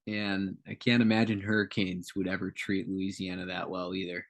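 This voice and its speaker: A man's voice: low voice, flat delivery, moderate pace. A man co-hosting a casual podcast, reading notes aloud with joking asides and tangents. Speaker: podcast co-host.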